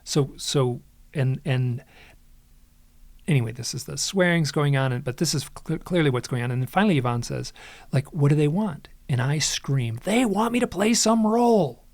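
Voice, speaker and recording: A man's voice: mid-range voice, normal speed, vocal fry, darkish tone, dry recording. A man who is a podcast guest and author, retelling an experience with dramatic quoted dialogue and frequent restarts. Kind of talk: animated storytelling in conversation.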